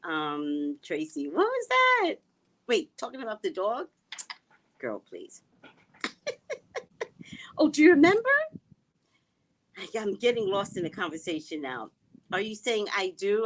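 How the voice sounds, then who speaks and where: A middle-aged woman hosting a casual livestream, chatting and reading viewer comments, animated with hushed asides. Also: mid-range voice. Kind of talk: casual live chat.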